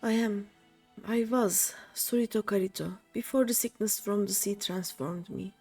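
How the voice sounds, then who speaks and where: A woman voicing an ancient male scholar who was cursed into a monster, reading the game dialogue aloud slowly and solemnly. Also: medium pitch, warm tone, breathy edge, soft background music. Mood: mournful.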